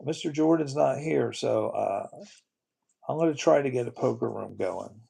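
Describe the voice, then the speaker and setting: A man's voice: mid-range voice, normal speed, vocal fry, dark tone, slightly rough. A man hosting a casual livestream, rambling and repeating his words, often breaking into disbelieving exclamations. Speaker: livestream host.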